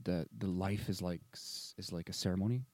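A man's voice: sits low, fairly even intonation, fairly quick, a little mellow, no room sound. A man in casual chat, rambling and reflective with a playful edge.

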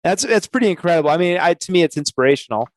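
A man's voice: sits high, lively intonation, racing, no room sound. A man hosting a podcast, asking questions and responding in an encouraging, reflective way. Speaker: podcast host. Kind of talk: casual podcast conversation.

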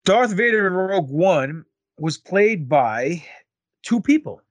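A man's voice: high-pitched, very animated, takes it slowly, dry recording. Joking man with a dry close mic. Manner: joking, rambling with fillers. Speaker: podcast co-host. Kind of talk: casual banter podcast.

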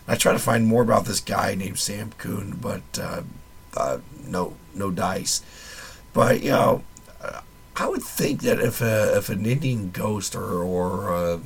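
A man's voice: fairly low pitch, creaky, slight background noise. A man hosting a casual solo podcast, rambling and wry with a little profanity, his voice worn and nearly gone. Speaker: podcast host.

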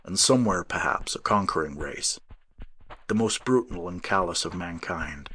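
A man voicing an older professor who speaks in a calm, solemn, measured way. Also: extremely low pitch, slight background noise, voice pushed down. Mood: grave prophecy. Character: older male professor, grave and weary.

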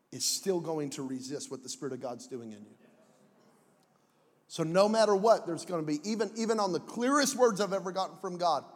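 A man preaching a sermon as a pastor, animated and joking, slipping in put-on voices. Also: sits high. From Mexican heritage. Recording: echoey hall with long reverb.

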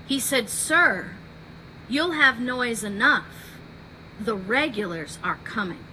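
A woman podcast host telling a history story in an animated way, acting out the quotes. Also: fairly high pitch, slight background noise, poor audio.

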